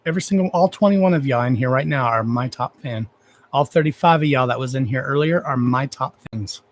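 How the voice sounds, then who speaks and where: Speaking fairly quickly at a medium pitch, a man runs a casual livestream with slight background noise audible. He talks to his viewers bluntly, cursing freely while heaping praise on them in a profane but affectionate way.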